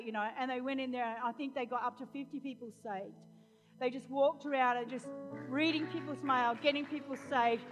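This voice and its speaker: High-voiced lady pastor preaching, loud bits then chatty stories, echoey church. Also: fairly quick. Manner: preaching, swinging from loud proclamation to chatty storytelling. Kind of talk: sermon. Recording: long hall reverb, faint music.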